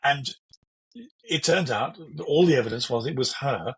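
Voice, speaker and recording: A man's voice: mid-range voice, moderate pace, husky, low-quality recording. An older man co-hosting a talk show, telling a story with eager enthusiasm. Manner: enthusiastic, animated storytelling with restarts. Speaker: podcast co-host. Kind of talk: casual discussion.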